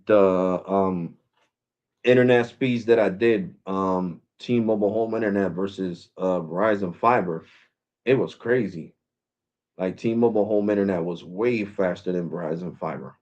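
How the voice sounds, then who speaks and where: Tech vlogger, male, lowish voice, loose street-casual delivery, muffled home recording. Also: a little mellow. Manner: loose, slangy and repetitive. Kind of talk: casual talk to camera. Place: his home.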